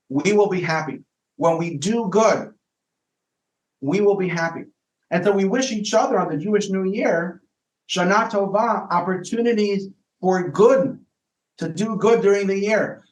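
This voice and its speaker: A rabbi talking with a podcast host, explaining ideas thoughtfully and often repeating words as he searches for the right phrasing. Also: high-pitched. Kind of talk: casual explanatory conversation. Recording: echoey room.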